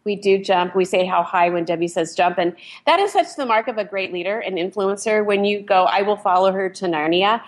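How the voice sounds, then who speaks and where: A woman's voice: medium pitch, fairly even intonation, brisk, few pauses. A woman co-hosting a talk show, speaking earnestly in long, flowing run-on sentences. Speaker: co-host. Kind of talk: casual talk show chat.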